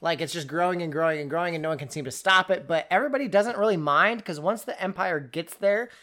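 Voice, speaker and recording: A co-host in casual book talk, rambling and animated, breaking off mid-sentence and starting again. The voice sits in a middle range, neither high nor low. Jokes and quoted asides run through the chat. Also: fast talker. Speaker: podcast co-host reviewing a book.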